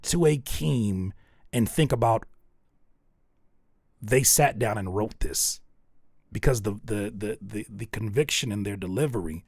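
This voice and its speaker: A man's voice: fairly low pitch, dry recording, clean studio sound. A man giving spoken feedback on songs as host, coaching analytically and thinking aloud as he searches for words. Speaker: music reviewer.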